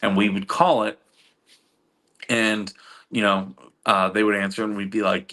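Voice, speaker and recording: A middle-aged livestream host reads chat in a lowish, sharp voice, keeping a level tone and measured pace. He talks casually with viewers and rambles through stories, chuckling often and using fillers.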